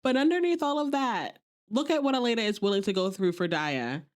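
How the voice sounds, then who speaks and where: A woman's voice: on the high side, lively intonation, fairly quick. A woman hosting a podcast, chatting casually as she recaps an episode and quotes characters playfully.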